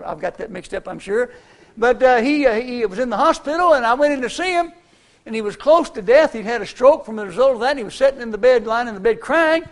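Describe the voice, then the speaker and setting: An older preacher with a very high voice for a man tells homespun stories from the pulpit. His delivery is folksy and conversational, leaning on plain country phrasing. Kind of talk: sermon with personal stories.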